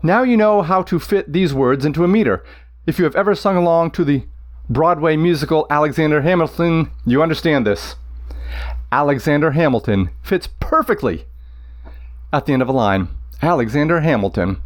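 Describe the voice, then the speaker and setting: A fairly high-pitched man teaches Latin, explaining poetic meter with enthusiasm while he deliberately chants the rhythms aloud for his listeners.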